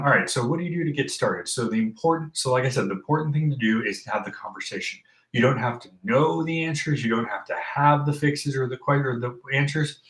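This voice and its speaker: A man in casual personal talk, earnest and halting, with many fillers and restarts. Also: mid-range voice, a bit bright, echoey room, rough recording. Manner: reads from a list aloud. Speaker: host talking about mental health.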